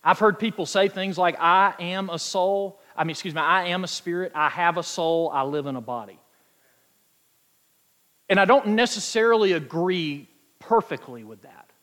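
A man preaching a sermon, emphatic and quoting scripture, stretching key words out slowly for weight. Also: high voice, a bit bright. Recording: long hall reverb.

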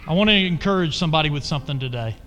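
A male pastor preaching a sermon, emphatic, swinging between loud exhortation and quiet asides. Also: fairly high pitch, lively intonation, racing, dull audio, faint music behind. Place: church sanctuary. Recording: long reverb of a large church hall.

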